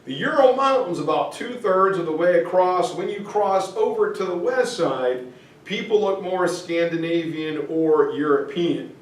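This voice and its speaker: A man lectures to a history class, slow and chatty with frequent ums. His voice is a bit high, and it is picked up from across an echoey classroom. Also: lively intonation, recorded from a distance. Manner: chatty, many fillers, jokes with students. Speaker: history teacher.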